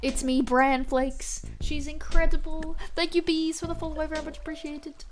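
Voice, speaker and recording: Bubbly high-voiced young woman streamer. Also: flat delivery, normal speed. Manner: bubbly, rambling, internet slang, frequent laughs. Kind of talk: casual live-stream chat while gaming. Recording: music playing behind.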